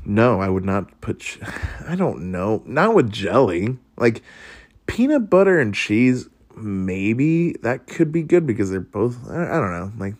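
A man hosting a podcast, chatting casually and rambling, often laughing and swearing. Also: lowish voice. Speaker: podcast host. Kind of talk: casual solo podcast chat.

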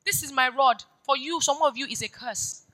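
A woman pastor preaching a sermon. She moves between hushed storytelling and loud, urgent exhortation. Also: high voice, moderate pace, low-quality recording.

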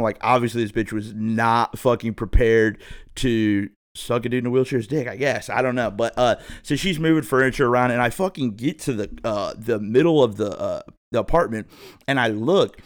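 A man in his thirties, a podcast host, telling a rambling, profane story in a laid-back way. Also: mid-range voice. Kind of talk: casual storytelling monologue.

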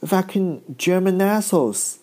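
A furious, scolding man put on by a comedian who repeats the same accusation over and over, his voice pushed up high and strained. He sounds raised and indignant. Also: animated, unhurried. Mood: outraged. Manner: shouting complaint, repeating himself. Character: angry adult man scolding Germans.

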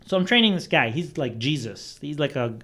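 A man telling a story in casual chat, animated and profane, acting out the people he quotes. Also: fairly high pitch, a little fast.

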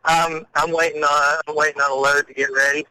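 A man calling in to a show, a truck driver talking in a laid-back, dry-humored way with halting fillers. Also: fairly high pitch, level tone, bright, forceful tone, a little hiss or hum, rough recording. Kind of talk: casual phone-in chat.

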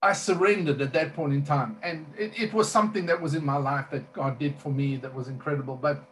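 Earnest guy telling his faith story, bit higher voice, lots of ums and restarts. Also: brisk, a bit bright, slight background noise. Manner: earnest, rambling with fillers and restarts. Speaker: minister. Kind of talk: personal testimony in conversation.

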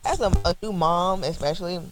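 A woman's voice: on the low side, brisk, poor audio. A woman co-hosting a podcast, chatting casually and animatedly about a TV episode and swearing freely. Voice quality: creaky. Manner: animated, swears freely, acts out characters' lines in a raised voice. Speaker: podcast co-host recapping a TV episode. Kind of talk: casual chat.

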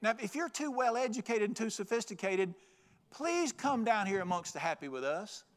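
A man's voice: sits high, sing-song, normal speed. A man preaching a folksy, joking, emphatic sermon. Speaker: pastor.

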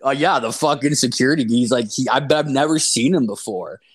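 A man's voice: mid-range voice, brisk, husky. A man co-hosting a casual podcast, telling a rambling, profane story full of "like" fillers.

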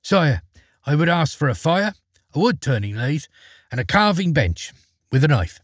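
A plucky, fearless young lad who answers everything with cheek, as a man puts him on. His voice is raised and lively, with a faint husk. The sound is close and dry. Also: on the high side, moderate pace, no room sound, pitched above the performer's own voice. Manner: plucky, matter-of-fact, cheeky. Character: bold fearless young farm boy, cheeky.

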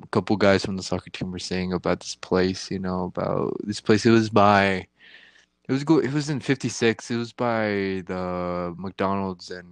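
A man's voice: low voice, clear, resonant tone, no echo. A young man telling a crude story in casual chat, rambling and slangy, laughing at his own jokes.

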